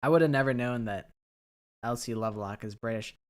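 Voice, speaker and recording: A man's voice: mid-range voice, normal speed. A man streaming a game, reading the dialogue aloud and chatting casually, swearing now and then.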